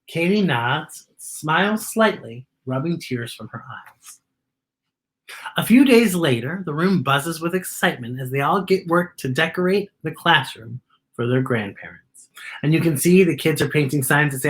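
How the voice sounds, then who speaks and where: A woman's voice: sits low, animated, moderate pace, fairly bright tone. A woman hosting a children's story time, reading aloud and adding her own commentary on the pictures. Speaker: storyteller host.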